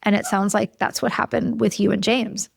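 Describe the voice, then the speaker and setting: A woman's voice: mid-range voice, little pitch movement, moderate pace, gravelly, no room sound, studio quality. Empathetic woman podcast host. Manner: empathetic, reflective, frequent "like" fillers. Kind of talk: casual conversational interview.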